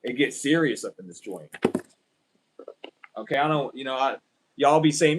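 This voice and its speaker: A man's voice: medium pitch, animated, normal speed, long pauses, background noise. A man doing a casual tarot reading for viewers, ranting and swearing as he talks straight to them. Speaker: tarot reader.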